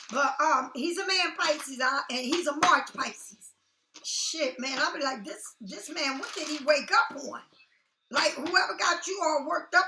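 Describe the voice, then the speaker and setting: A woman's voice: high-pitched, roomy sound, noisy background. A woman giving a casual tarot reading, talking bluntly and sassily and swearing freely. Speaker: tarot card reader.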